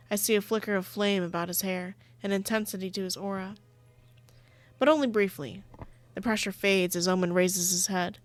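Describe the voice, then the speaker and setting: A woman playing a visual novel, reading its narration aloud in a chatty, giggly way with casual asides. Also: mid-range voice. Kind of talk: reading game narration with live commentary.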